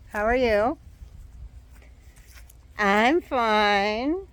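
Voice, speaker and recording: A woman's voice: on the high side, animated, a little slow, long pauses, no room sound. An older woman vlogging outdoors in her yard, talking to a phone or camera held at arm's length in a sarcastic, mocking casual rant.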